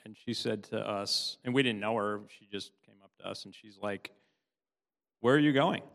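A middle-aged man giving a tearful, halting personal testimony in church. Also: on the low side, level tone, vocal fry, sharp tone. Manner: halting, many restarts, laughs often. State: tearful, sobbing at times. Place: church hall. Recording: long hall reverb.

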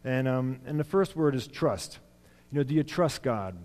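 A man's voice: mid-range voice, expressive, normal speed, a little mellow. A man giving an informal sermon in a church, plain and conversational, with frequent fillers and restarts. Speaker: lay preacher. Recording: long hall reverb.

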